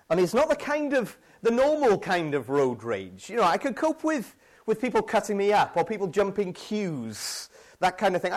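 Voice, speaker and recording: A high-pitched British man preaches a conversational, self-deprecating sermon, acting out his own frustrated outbursts.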